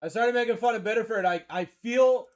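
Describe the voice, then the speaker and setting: A man from Maine with a Maine accent hosts a live card-breaking stream, calling pulls with energetic, slangy banter and shouting over big hits. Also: extremely high pitch, brisk. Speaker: card-breaking livestream host. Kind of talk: excited live sales commentary.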